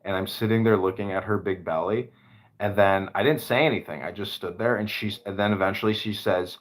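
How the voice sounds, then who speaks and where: Male podcast host, lowish register, loose rambling storyteller with a profane edge. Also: fairly even intonation, a little fast. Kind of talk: casual chat.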